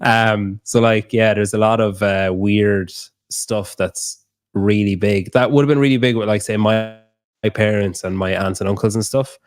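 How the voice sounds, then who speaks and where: Chatty young Irish man, low voice. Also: steady tone, normal speed, no room sound. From Ireland. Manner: rambling, swears freely, laughs often. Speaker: guest. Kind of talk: casual chat.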